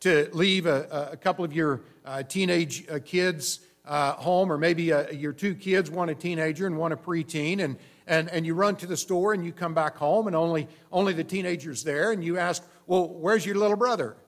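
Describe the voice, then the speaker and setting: Brief: male preacher, fairly high voice, measured explanatory delivery, some faint hum behind. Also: fairly even intonation. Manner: measured, explanatory preaching with frequent restarts and fillers. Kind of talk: sermon.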